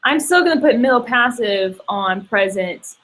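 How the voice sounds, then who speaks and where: A woman's voice: a little high, animated, normal speed, background noise. Eager woman studying Greek. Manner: eager, checking her answers, laughs easily. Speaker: Greek student. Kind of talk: casual tutoring session.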